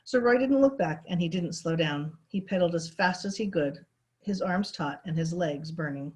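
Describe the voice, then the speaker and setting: A woman teacher reads a novel aloud in a steady, expressive storytelling voice. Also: fairly low pitch, moderate pace.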